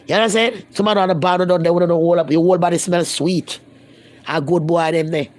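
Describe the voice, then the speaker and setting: A woman's voice: lowish voice, fairly even intonation, fairly quick, a little mellow. A Jamaican woman holds a casual live-stream chat with her viewers, speaking in thick patois. She talks bluntly and emphatically, repeating lines to press her point. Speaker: vlogger.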